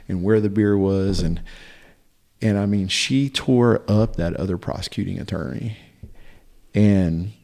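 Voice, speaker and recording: A man telling a long personal story in casual podcast chat, halting and animated, with frequent fillers and restarts. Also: lowish voice. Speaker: podcast guest.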